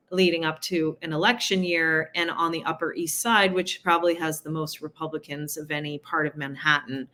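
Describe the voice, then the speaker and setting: A New York City woman running for city council speaks in a low voice that sounds pushed and bright. She's chatty in a casual interview, dropping quick asides and laughing at her own points.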